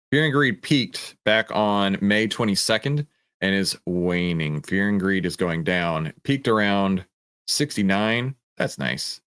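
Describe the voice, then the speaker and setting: A man's voice: lowish voice, a bit bright, no room sound, clean studio sound. A man hosting a livestream, going through stock charts in a casual, joking way and reading out chat comments. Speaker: host.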